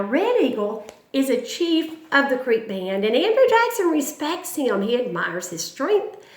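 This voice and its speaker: A woman's voice: a little high, reverberant. A woman, teaching a history lesson in a dramatic, emphatic storytelling way.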